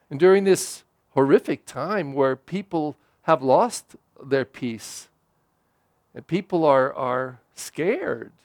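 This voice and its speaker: Lively high-voiced male pastor preaching. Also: dry recording, clean studio sound. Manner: conversational preaching with direct questions to listeners. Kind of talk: sermon.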